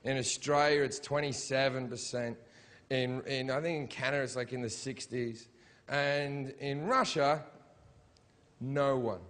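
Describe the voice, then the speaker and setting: A man's voice: mid-range voice, steady tone, measured pace, fairly bright tone. A man doing a live stand-up routine on stage, ranting in a profane, sarcastic way. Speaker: stand-up comedian. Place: live stage show in Britain.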